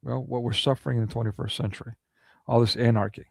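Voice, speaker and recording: Gravelly man ranting indignantly. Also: medium pitch, fairly even intonation, fast, a little mellow, no echo. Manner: indignant, full of rhetorical questions. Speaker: political commentary vlogger. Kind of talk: ranting monologue commentary.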